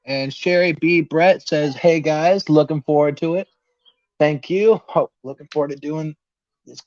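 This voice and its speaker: A man's voice: a little high, steady tone, unhurried, darkish tone, no room sound. A young man hosting a casual podcast livestream, nervous and laughing as he reads out viewer comments. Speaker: podcast host. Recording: dull, lo-fi dry sound.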